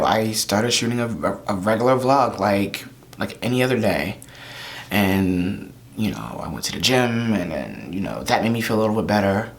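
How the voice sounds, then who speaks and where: Deep-voiced man fighting back tears. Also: vocal fry. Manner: halting, trailing off into near-whispers. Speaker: vlogger. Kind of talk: confessional vlog. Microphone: camera mic.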